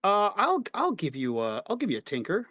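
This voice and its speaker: Excitable male player, high and bright, close dry sound. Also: fairly quick, no echo. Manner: excitable, laughing often. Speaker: tabletop game player. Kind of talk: tabletop game chat.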